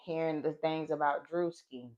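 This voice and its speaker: A woman's voice: sits low, fairly even intonation, normal speed, dull audio. A woman and mother co-hosting a podcast in casual chat, earnest and emphatic, swearing for emphasis.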